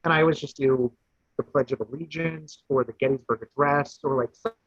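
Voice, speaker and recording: A man, a guest contestant, telling a rambling, animated anecdote in casual chat. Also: medium pitch, moderate pace, breathy edge, no echo. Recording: dull lo-fi dry audio.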